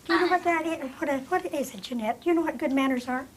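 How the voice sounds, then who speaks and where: This children's show host is a woman who talks fast in a high voice, with slight background noise. In a studio with a group of young kids, she keeps a gentle, patient, sing-song teacher's tone.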